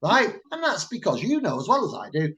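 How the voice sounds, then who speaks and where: A man from Manchester with a thick Mancunian accent tells a story in a loud, blunt way. His pitch swings widely from low to high as he talks. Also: huge pitch swings, brisk. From Manchester, England. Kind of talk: casual chat.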